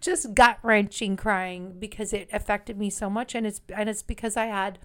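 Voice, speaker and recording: A woman chatting on a podcast, her voice at an ordinary middle pitch. She tells stories in a rambling, emphatic way and stresses her words by repeating them. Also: fairly even intonation, moderate pace, clear, resonant tone. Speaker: psychic medium guest. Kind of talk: casual podcast chat.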